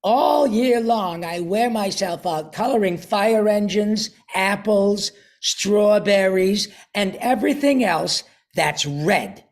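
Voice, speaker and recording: A man's voice: sits high, slow pace, hardly any pauses. A man doing a worn-out red crayon. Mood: weary complaint. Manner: complaining, pleading for a rest.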